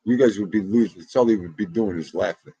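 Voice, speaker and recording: A middle-aged man hosts a casual livestream, talking back to his viewers in a loose, chatty way. His voice sits low and has a husky edge. The sound is dry and close, with no room around it. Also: fast, mellow, dry recording, highs cut off. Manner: chatty, laughing, talks back to the chat. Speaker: livestream host. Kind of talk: casual chat with live viewers.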